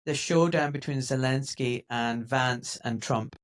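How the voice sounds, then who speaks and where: An emphatic man hosting a casual podcast conversation. He talks with conviction and gets lively when he imitates other people's voices. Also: medium pitch, a little slow. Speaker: podcast host.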